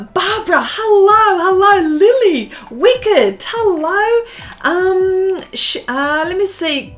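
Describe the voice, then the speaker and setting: High-voiced, unhurried Australian woman. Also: a bit bright. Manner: bubbly, giggly greetings, chatty with many fillers. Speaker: artist hosting a live stream. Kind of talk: casual live-stream chat.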